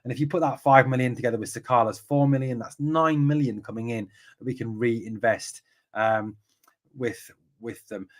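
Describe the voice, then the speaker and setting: An English man hosts a live-streamed football podcast, reading viewer chat aloud and answering each comment in turn. He talks in a chatty, loose way, full of ums and quick asides. His voice sits at an ordinary middle pitch for a man. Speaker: podcast host.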